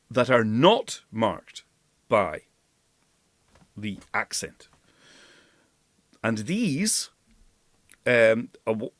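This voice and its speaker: Scottish Gaelic-native coach, lively pitch. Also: male voice, no room sound, clean studio sound. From Scotland. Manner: deliberate and explanatory, models sounds aloud. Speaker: language coach. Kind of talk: spoken language lesson.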